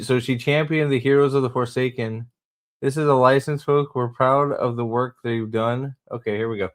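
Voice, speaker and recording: A man hosting a casual livestream, rambling, swearing and mocking as he reads comments and talks to chat. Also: medium pitch. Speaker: host.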